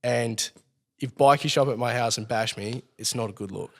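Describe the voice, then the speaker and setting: Australian man, mid-pitched, loose and profane storyteller, recorded with a long reverb tail. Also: a little fast, creaky, fairly bright tone. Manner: swears constantly, rambling storytelling. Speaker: podcast guest. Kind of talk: casual storytelling.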